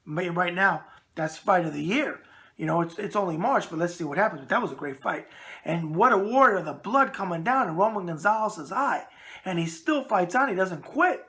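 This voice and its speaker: A middle-aged man with a New York accent hosts a casual boxing mailbag show. His voice is bright and forward, and he talks bluntly and animatedly. He often stumbles over words and laughs at himself. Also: sits high, lively intonation, normal speed. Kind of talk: casual video mailbag chat.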